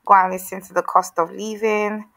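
Nigerian woman, podcast co-host, vocal fry, dry close mic, animated casual chat. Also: mid-range voice, normal speed, dry recording, rough recording. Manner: animated and emphatic, pleading asides.

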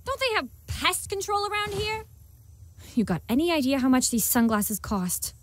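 A man's voice: very high voice, very animated, moderate pace, fairly bright tone, voice pushed up, exaggerated voice. A man voicing a rude, snooty woman photographer from the big city who curses in disgust. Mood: indignant. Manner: scornful, cursing.

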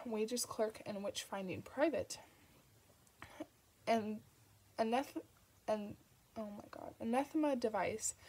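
A woman narrating an audiobook in a soft, unhurried reading manner, sometimes tripping over names. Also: mid-range voice, gravelly, slightly rough, poor audio. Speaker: audiobook reader.

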